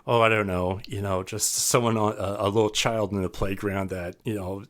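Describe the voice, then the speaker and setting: A man's voice: on the low side, fairly even intonation, moderate pace, a bit bright. Self-deprecating man telling a rambling story. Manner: rambling and self-deprecating, with many fillers and restarts. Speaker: podcast guest, sound artist. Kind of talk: casual storytelling in a podcast interview.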